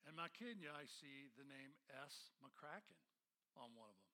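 A man's voice: medium pitch, big pitch swings, normal speed, pushed and bright. A middle-aged male pastor preaching a sermon, telling a funny personal story with acted-out voices and laughing at himself before turning to scripture.

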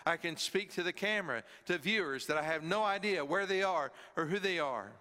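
A man's voice: fairly high pitch, a little fast, sharp tone, big-room sound. A man preaching a sermon to a congregation in a church, with emphatic stress on key words. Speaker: pastor. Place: church sanctuary, also filmed. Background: congregation present.

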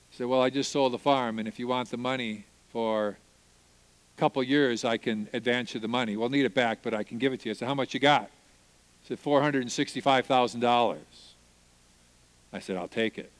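A man telling a personal testimony as a sermon, acting out the people he quotes and swinging from loud praise to hushed, tearful moments. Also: mid-range voice, moderate pace. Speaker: preacher. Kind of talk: sermon storytelling.

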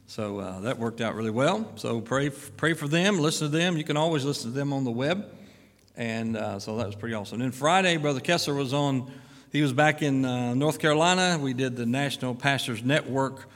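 Middle-aged guy preaching, lots of uhs, booming church reverb, average pitch. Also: a little fast. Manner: folksy, filler-heavy, lively rises of emphasis. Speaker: pastor. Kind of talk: church announcements and sermon. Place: church sanctuary. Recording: long church-hall reverb.

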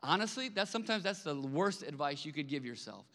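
Bright high-voiced man preaching in a hall. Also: big pitch swings, a little fast. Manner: conversational, repeats words when emphatic. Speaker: pastor. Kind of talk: sermon. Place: large church hall. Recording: long hall reverb.

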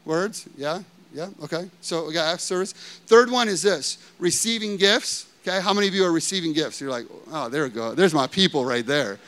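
A male pastor in his thirties preaches with an animated, conversational delivery. He keeps checking in with the congregation. His voice sits high and sounds bright and clear. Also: brisk. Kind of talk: sermon.

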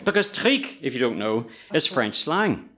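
A man's voice: mid-range voice, very animated, unhurried, very noisy. A man telling a funny personal story in a self-deprecating way, often laughing as he goes.

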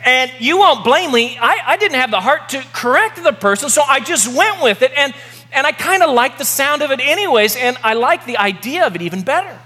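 High-voiced pastor preaching in a hall. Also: male voice, very animated, sharp tone, soft background music. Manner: emphatic, repeats key words slowly for effect. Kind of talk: sermon. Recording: long reverb of a large hall.

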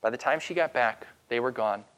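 A man preaching as pastor, retelling a story with dramatic pauses and slowing down for emphasis. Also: mid-range voice, a bit bright. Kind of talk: sermon.

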